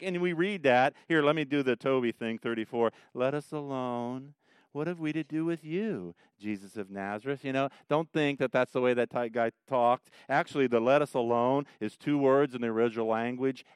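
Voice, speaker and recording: A pastor gives a chatty sermon, often breaking off for teasing asides. His voice is smooth and resonant, of average pitch for a man, and sounds close and dry. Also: no room sound. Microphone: microphone.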